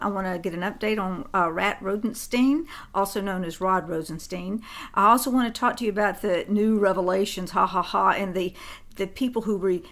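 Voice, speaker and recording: Brisk woman setting the agenda. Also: medium pitch, fairly bright tone. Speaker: co-host. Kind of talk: political talk show.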